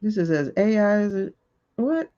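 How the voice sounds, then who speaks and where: Animated woman reacting on a livestream. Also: medium pitch, moderate pace, highs cut off. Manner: animated, exasperated, laughing, talks back to the screen. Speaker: livestream host reacting to a video. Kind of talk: casual reaction commentary.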